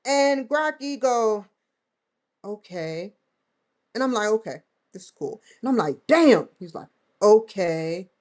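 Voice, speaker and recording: A woman's voice: a little high, lively intonation, moderate pace. Rambling, laughing woman vlogger. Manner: rambling, laughs often, acts out dialogue in quotes. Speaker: vlog host. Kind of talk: casual chat to camera.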